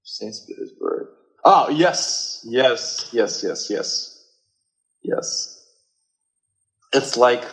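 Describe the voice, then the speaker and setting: A man's voice: mid-range voice, lively intonation, very slow, pauses often, fairly bright tone, rough recording. A man with a Russian accent, a guest in a casual chat, who hesitates and searches for English words.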